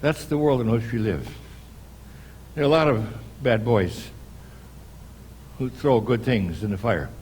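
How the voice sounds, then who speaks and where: An older American man preaching a sermon in a church, telling a story at an unhurried pace with pauses and restarts. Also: medium pitch, a little mellow, slight background noise. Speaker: pastor.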